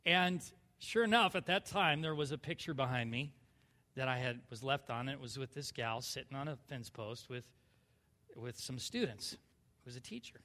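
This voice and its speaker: A man in his thirties from southern California, telling his personal story in a sermon, swinging from hushed to loud. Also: medium pitch, moderate pace, in a large hall. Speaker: church speaker sharing testimony.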